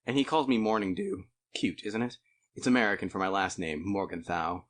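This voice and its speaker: A man's voice: on the low side, brisk. A man reading an audiobook in a conversational first-person narration. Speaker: audiobook reader.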